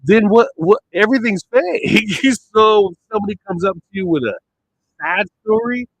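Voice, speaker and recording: With a high, animated voice at a moderate pace, a man delivers a rambling, blunt monologue full of constant swearing. He keeps trailing off and then resuming his point, all on a low-quality recording.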